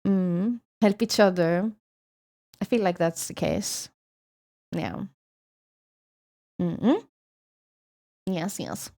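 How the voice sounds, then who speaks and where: A woman's voice: fairly low pitch, extremely slow, creaky, pauses often, mellow. Swedish accent woman streaming, rambly casual chat, swears a lot. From Sweden.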